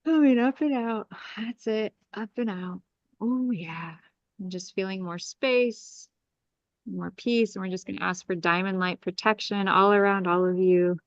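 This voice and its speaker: A woman astrologer leads a live group meditation for clearing energy, offering soothing, repetitive invocations and breathing cues. Her medium-pitched voice is unhurried, and the recording is dry and muffled.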